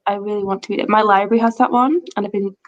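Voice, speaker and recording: A woman's voice: mid-range voice, fairly even intonation, rapid-fire, no echo, highs cut off. A woman in her twenties hosting a casual livestream, chatting and reading out comments from the chat. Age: 20s. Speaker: host.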